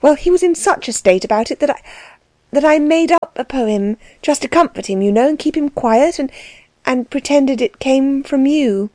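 A woman voicing a frank, mischievous young girl in an audiobook, blurting out her words in halting, defiant bursts. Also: high-pitched, animated, a little mellow, no echo, pitched above the performer's own voice.

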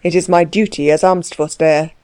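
A woman's voice: fairly even intonation, fairly quick, darkish tone, clean tone, no room sound, lightly acted. A woman reading a stiff, dutiful official man. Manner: stiff, low-voiced.

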